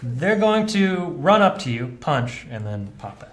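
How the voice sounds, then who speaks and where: Acting as game master, a man narrates scenes and rules on a tabletop game, explaining casually with fillers. His voice is on the high side, a little slow, with big pitch swings, in an echoey room with faint noise.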